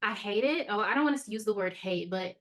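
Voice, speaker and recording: A woman's voice: mid-range voice, expressive, brisk, a bit bright. Woman co-host asking questions casually. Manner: conversational, asks questions, short affirmations. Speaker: podcast co-host. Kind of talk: casual chat.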